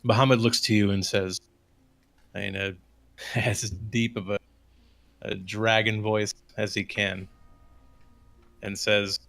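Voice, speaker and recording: Brief: male GM, low gravelly voice, halting live narration. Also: little pitch movement, fairly bright tone. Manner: halting, restarts while describing. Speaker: game master. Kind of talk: narrating a tabletop game.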